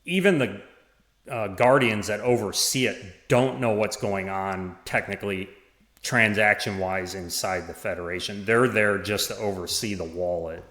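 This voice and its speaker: A man's voice: on the low side, fairly bright tone. Rambling man in a roomy echo. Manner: halting, many restarts, nervous laughs. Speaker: podcast guest, former parish administrator. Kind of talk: casual conversation.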